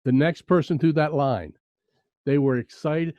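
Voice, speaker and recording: A man's voice: on the high side, unhurried, a little mellow, no echo. A man chatting in a casual interview, an enthusiastic, emphatic storyteller. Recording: dry, slightly dull sound.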